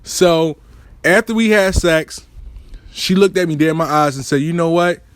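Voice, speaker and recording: A man telling a story in casual storytime style, profane and animated with street slang. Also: fairly high pitch, normal speed, no echo.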